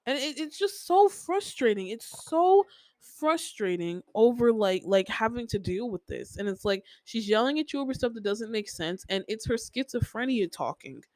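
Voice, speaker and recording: A woman's voice: a little high, lively intonation, normal speed, a little mellow, no echo, low-quality recording. A young adult woman hosting a podcast, venting in a casual personal monologue with many "like" fillers, repeating herself. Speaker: podcast host.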